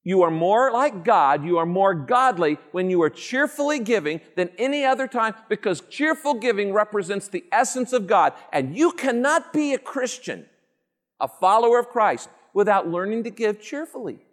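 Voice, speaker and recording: A man preaching a sermon as pastor, emphatic and animated, with playful asides to the congregation. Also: high-pitched, moderate pace, long reverb tail.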